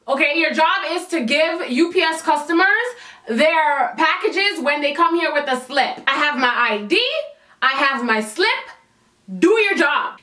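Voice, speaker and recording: A woman's voice: high-pitched, a bit bright. Sassy young woman telling a story. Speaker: vlogger. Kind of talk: storytime vlog. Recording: echoey room.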